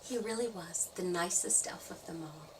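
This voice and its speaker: A woman storyteller reading a children's story aloud, playful and expressive. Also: fairly low pitch, moderate pace, far from the mic, background noise. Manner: expressive, playful sound effects.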